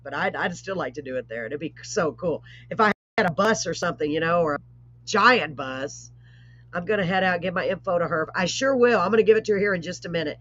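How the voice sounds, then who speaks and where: A woman hosting a live online show, chatting casually with rambling asides and warm blessings. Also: fairly low pitch, expressive, quick pace, dry recording. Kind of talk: casual live-stream chat. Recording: dull lo-fi stream audio.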